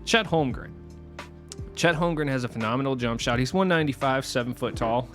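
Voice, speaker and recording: A man's voice: medium pitch, a little fast, fairly bright tone. A young man hosting a casual gaming video, chatty and self-deprecating, laughing at his own jokes. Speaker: gaming YouTuber host. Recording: faint music behind voice.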